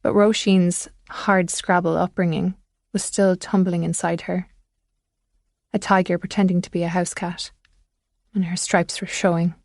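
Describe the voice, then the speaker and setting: A woman narrating a thriller audiobook in measured, scripted storytelling. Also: fairly low pitch, level tone, vocal fry, a little mellow, no echo, clean studio sound.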